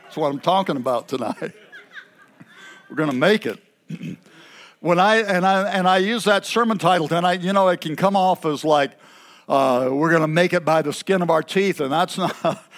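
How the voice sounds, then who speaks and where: A man delivers a sermon in a church, folksy and conversational. His voice sits a little high for a man, and he clears his throat between thoughts and drifts into casual asides. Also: moderate pace. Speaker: preacher.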